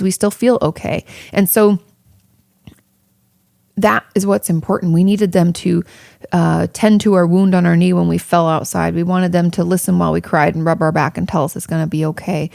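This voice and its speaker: A woman's voice: on the low side, steady tone, moderate pace, creaky, darkish tone, no echo, studio quality. A woman therapist hosting a podcast, talking candidly and casually, swearing freely and drifting onto tangents. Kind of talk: casual advice monologue.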